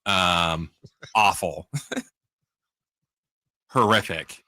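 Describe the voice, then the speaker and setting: A man's voice: low voice, very slow, sharp tone, no room sound. A man co-hosting a casual sports talk radio show with dry, understated asides. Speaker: radio co-host.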